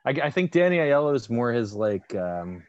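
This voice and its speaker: A man co-hosting a comedy podcast, wry and deadpan, often trailing off with fillers. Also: medium pitch, moderate pace, muffled recording, slight background noise. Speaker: podcast co-host. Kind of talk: casual comedy banter.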